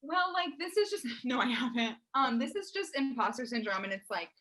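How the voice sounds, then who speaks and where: A woman's voice: high-pitched, animated, fairly quick, a bit bright, poor audio. A woman guest on a podcast who creates food content, chatting in an earnest way and laughing easily. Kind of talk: casual chat.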